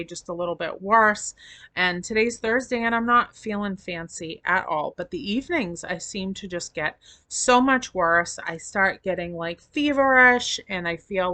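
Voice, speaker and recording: A woman's voice: medium pitch, sharp tone, no echo. A middle-aged woman vlogging in a rambling, chatty way, feeling sick with a sore throat. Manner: chatty, rambling, affectionate to viewers. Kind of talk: casual chat to camera.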